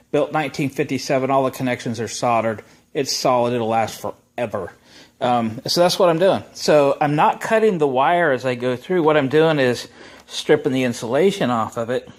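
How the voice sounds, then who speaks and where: A man, talking casually and with strong opinions as he walks through a wiring job in his workshop. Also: mid-range voice. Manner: relaxed, chatty, opinionated, with many uh fillers. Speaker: shop owner and video host. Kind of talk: casual how-to vlog.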